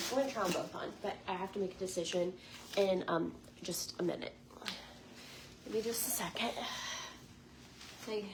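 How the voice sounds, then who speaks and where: A woman in her forties chatting casually to camera as a lifestyle vlogger, bubbly and chatty with lots of likes and ums. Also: mid-range voice. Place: hotel room in Las Vegas. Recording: noticeable background noise.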